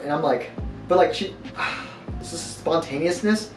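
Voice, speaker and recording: A man's voice: fairly high pitch, normal speed. A young man talking earnestly and casually about his girlfriend. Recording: roomy, distant, music behind.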